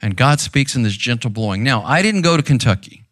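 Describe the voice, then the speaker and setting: A man's voice: medium pitch, animated, a little fast, a bit bright, no room sound, studio quality. A man preaching a sermon in a conversational, intense way, often checking in with "right?", seated on a stool in a church room. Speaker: pastor.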